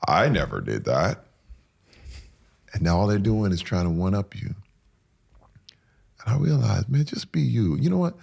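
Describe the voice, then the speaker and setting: Gravelly husky guy opening up in an interview, earnest, keeps repeating himself for emphasis. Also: on the low side, very animated, normal speed, pauses often. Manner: drops to a hushed whisper at moving moments. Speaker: interview guest. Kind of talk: candid personal storytelling.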